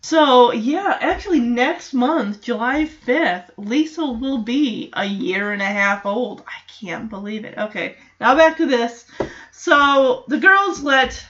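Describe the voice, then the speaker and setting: Chatty, exasperated woman with a high bright voice. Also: animated, slow pace, dull audio. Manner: chatty, exasperated, wanders into personal tangents. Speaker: show recap host. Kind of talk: casual TV episode reaction commentary.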